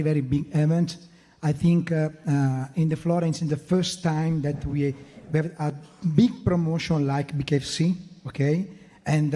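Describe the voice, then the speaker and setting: A man from Italy, a promotion executive, speaking emotional, halting English as a non-native speaker. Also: fairly high pitch, warm tone. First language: Italian. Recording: reverberant hall.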